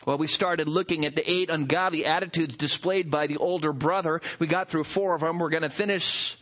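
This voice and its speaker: A male pastor preaching a sermon, reading scripture and explaining it in an animated, conversational way with rhetorical asides. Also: on the high side, brisk.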